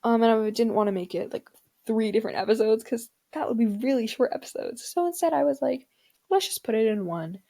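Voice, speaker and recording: A teen girl of Indian heritage hosts a solo podcast, her voice fairly high, fairly quick, and warm, with vocal fry and lively intonation. She chats casually and dramatically with lots of filler words.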